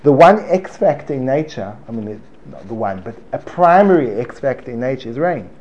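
On a dull lo-fi recording with faint room noise, a man gives an informal Torah lesson to a live audience, joking, digressing, and frequently repeating himself. His mid-range voice has lively intonation and a darkish tone, moving a little fast.

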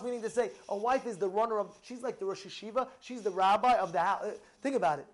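A young man giving an animated sermon as a rabbi, telling stories, acting out dialogue and asking his listeners questions. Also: high voice, fast, few pauses. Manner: excitable, storytelling, asks the audience questions, swings from loud to hushed. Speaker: rabbi giving a Torah class.

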